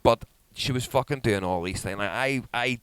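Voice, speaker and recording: A man's voice: moderate pace, clear, resonant tone, no room sound, poor audio. A man in his thirties, a podcast co-host telling a story in casual chat, swearing freely and acting out what others said. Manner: animated storyteller, swears a lot, acts out quotes in high voices.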